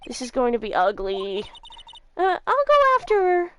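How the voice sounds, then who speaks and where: A woman voicing a flustered young male defense lawyer, reading game dialogue aloud in a hesitant, stammering, lowered voice. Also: big pitch swings, moderate pace, dry recording. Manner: hesitant, stammering, low put-on voice.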